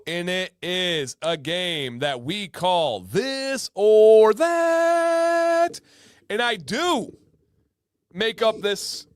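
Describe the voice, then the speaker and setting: A man runs a casual livestream in a fairly high voice, recorded dry and close with no room sound. He keeps a playful, joking tone throughout. He tends to repeat his own lines for laughs. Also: a bit bright, no room sound. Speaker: livestream host.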